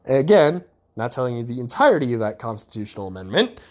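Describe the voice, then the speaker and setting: A man's voice: mid-range voice, big pitch swings, fast talker. A male podcast host giving sarcastic, profane political commentary.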